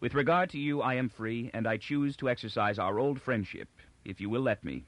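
In an audiobook, a male reader plays a cold colonel with a clear, level voice that holds back all feeling. The sound is dry and close. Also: medium pitch, a little fast, dry recording, close to an everyday voice. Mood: flat.

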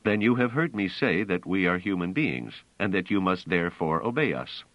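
A weary but decisive male leader speaks in short, firm commands, his deep voice only slightly raised, as a man reads him. His pitch moves in a lively way. The recording is dull and dry. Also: normal speed, no echo.

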